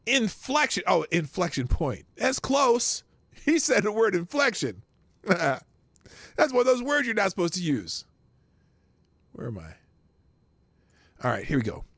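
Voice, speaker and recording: Male show host, sarcastic news reader, gravelly, very animated delivery, dry close sound. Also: sits high, a little slow, long pauses, no echo. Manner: sarcastic, stumbles over words and laughs at himself. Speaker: podcast host. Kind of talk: reading news aloud with sarcastic commentary.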